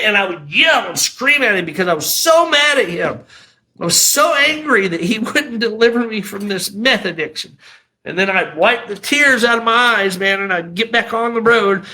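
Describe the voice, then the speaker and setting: A man's voice: high voice, pushed and bright. A middle-aged man telling his personal testimony in a raw, emotional, conversational way, often saying "man" and "you know". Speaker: guest sharing a testimony.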